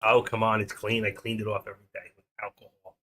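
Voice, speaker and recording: A man's voice: fairly low pitch, flat delivery, fast talker, heavy background noise. A man in his sixties hosting a live stream, chatting in a rambling, opinionated way and reading off market numbers. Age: 60s.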